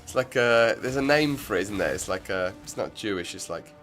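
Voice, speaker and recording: Here a man with a fairly low, expressive voice comments casually on the game he's streaming, speaking fairly quickly with a slightly bright tone. He rambles and leans heavily on fillers, with soft music in the background.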